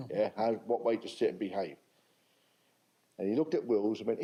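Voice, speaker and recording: An older Englishman with a London accent speaks in a fairly low, expressive, mellow voice at a normal speed, though the highs are cut off. He tells stories at a public talk in a chatty, conversational way, asking the audience questions and repeating things for emphasis.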